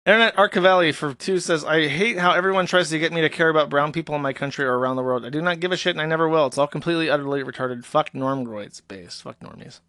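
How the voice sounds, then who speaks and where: A man with a somewhat high voice reads donation messages on a stream in a flat, offhand way. His asides often trail off into quiet mumbles. The sound is dry and close, with no room echo. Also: fast talker, few pauses. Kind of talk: casual reading of paid messages with crude remarks.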